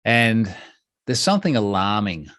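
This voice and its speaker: A man giving a conference talk, lively and humorous, with quick asides. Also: on the low side. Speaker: speaker giving a talk on password security.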